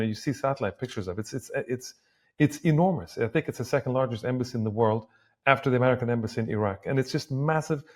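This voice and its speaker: A man co-hosting a discussion podcast from a remote call, talking in a halting way with many restarts. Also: mid-range voice, a little mellow. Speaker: podcast co-host. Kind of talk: casual discussion. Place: Beirut, at a university.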